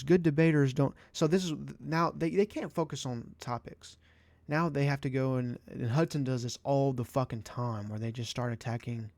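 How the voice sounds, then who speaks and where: Young male vlogger, exasperated and cussing. Mid-pitched, dry sound. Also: a little mellow, no room sound. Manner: profane, exasperated, sarcastic. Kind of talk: ranting commentary.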